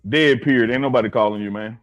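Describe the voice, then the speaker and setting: A man's voice: medium pitch, fast talker, soft background music. A man from Alabama co-hosting a casual sports talk show, joking and teasing his partner. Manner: playful, teasing, sing-song shouts. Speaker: co-host.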